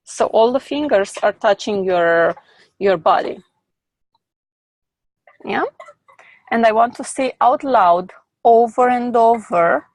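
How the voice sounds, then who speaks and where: A woman leads a guided group exercise at an unhurried, deliberate pace. Her voice has a gravelly, creaky edge. The sound is dry and close, with no room around it. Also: fairly high pitch, animated, darkish tone, no echo. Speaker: workshop facilitator.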